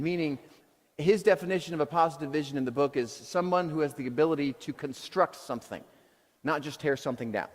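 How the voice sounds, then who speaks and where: Middle-aged male pastor, animated storytelling sermon, slightly high pitch, church hall echo. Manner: storytelling with self-deprecating humor, animated retelling. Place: church auditorium. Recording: long hall reverb.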